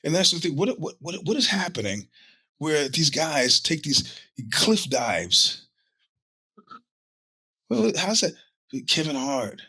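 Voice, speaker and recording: A middle-aged man hosts his own show while sick with a cold. His voice is husky but bright and cutting. He tells rambling, profane stories in a dry, close recording. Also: fairly high pitch, sing-song, measured pace, no room sound. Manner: rambling, profane storytelling with acted-out quotes. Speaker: podcast host. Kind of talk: casual monologue.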